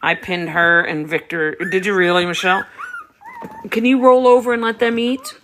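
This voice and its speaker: A woman's voice: fairly low pitch, steady tone, normal speed, fairly bright tone, slight background noise. A woman dog breeder chatting casually on a livestream, answering viewer comments while tending puppies.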